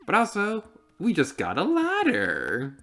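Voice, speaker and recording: A man's voice: high-pitched, wildly swooping pitch, a little slow, sharp tone, soft background music. A young man with a slight lisp, chatting casually while commentating a game he plays. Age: young adult. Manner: chatty and rambling, heavy use of "like". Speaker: let's player.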